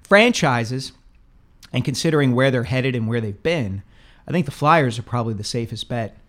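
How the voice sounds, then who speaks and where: Man, medium pitch, relaxed, opinionated, chatty filler words, casual sports chat. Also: a little fast. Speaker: podcast co-host, sports columnist.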